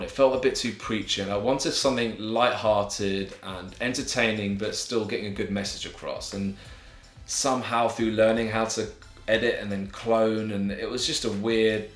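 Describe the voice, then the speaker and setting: Recorded in an echoey space with a music bed, an English YouTuber in his youth answers viewer questions for his advice vlog. His voice is fairly low and fairly bright, delivered at a moderate pace with fairly even intonation, and his manner is earnest and encouraging, full of friendly slang.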